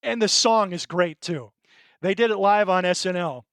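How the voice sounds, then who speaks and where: Earnest and emotional, a middle-aged man co-hosting a podcast stumbles through casual conversation with fillers and restarted sentences. He speaks at normal speed in a high-sitting, fairly bright voice, and the clean studio audio carries no room sound.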